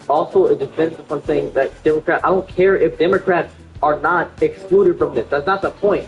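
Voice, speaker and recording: A man with a fairly high voice, caught mid-rant on a livestream, keeps circling back indignantly to the same point. He sounds like he is in an echoey room. Faint music plays behind him. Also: steady tone, fairly quick, hardly any pauses, muffled recording. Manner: indignant, repetitive, ranting. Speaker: game streamer.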